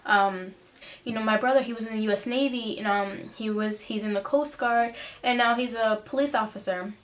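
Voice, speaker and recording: A woman's voice: on the high side, steady tone, moderate pace. Earnest, emotional young woman vlogging. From United States. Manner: emotional, earnest, full of fillers and restarts. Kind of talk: casual personal vlog talk.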